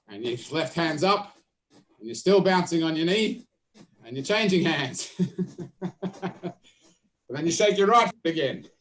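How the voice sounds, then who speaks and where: A man with a high voice leads a drama workshop, guiding participants through a physical and vocal warm-up. He gives steady, repetitive cues mixed with playful asides.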